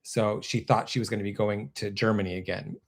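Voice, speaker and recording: A man hosting a casual live stream from his computer, rambling and interrupting himself, laughing often, with his voice going a bit hoarse. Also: fairly low pitch, little pitch movement, a little fast. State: losing his voice. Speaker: actor and web series creator hosting a live stream.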